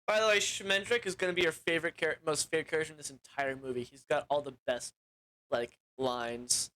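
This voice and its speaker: A man's voice: fairly high pitch, steady tone, a little fast, sharp tone, poor audio. A man giving a casual, rambling movie recap as a reviewer, full of fillers.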